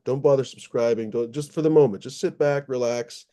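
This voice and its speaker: A man's voice: medium pitch, fairly quick, mellow. A man hosting a casual livestream, rambling and swearing with many fillers as he greets viewers in the chat. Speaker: livestream host.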